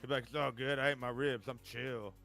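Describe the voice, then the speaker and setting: Telling a funny story between gaming moments, this streamer speaks fairly quickly in a steady, medium-pitched voice that's creaky and sharp. He laughs a lot and performs his friend's responses, with faint game music underneath.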